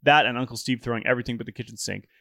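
A man's voice: mid-range voice, racing, creaky, bright, forceful tone, no room sound, studio quality. A man co-hosting a baseball podcast in casual chat, joking, reading listener emails, often restarting sentences. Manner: chatty, jokey, many restarts. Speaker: podcast co-host.

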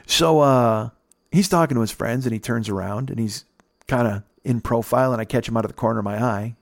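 A man telling a casual, profane story on a podcast, jumping up in pitch to mimic the people in it. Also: fairly quick, no echo, studio quality. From United States. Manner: animated, profane, mimics others with pitch jumps. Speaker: podcast host.

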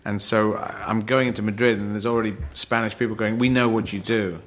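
A middle-aged man born in Yemen, a comedian chatting on a podcast, rambling and playful, slipping into quick mock voices. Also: fairly low pitch, fairly even intonation. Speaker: comedian guest. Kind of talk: casual podcast chat.

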